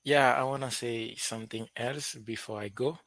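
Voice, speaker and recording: A man's voice: mid-range voice, fairly even intonation, normal speed, a bit bright, no echo. A man with a Haitian accent, a student who serves as translator, earnestly advising classmates with proverbs.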